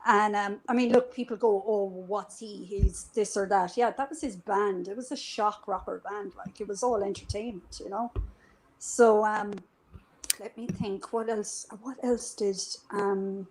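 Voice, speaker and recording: A woman in a live streamed chat, recounting events in an animated, conversational way. She swears freely and slips into the voices of the people she quotes. Her pitch sits in an ordinary middle range. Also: a little slow, a little hiss or hum, rough recording. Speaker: interview guest. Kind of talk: casual storytelling.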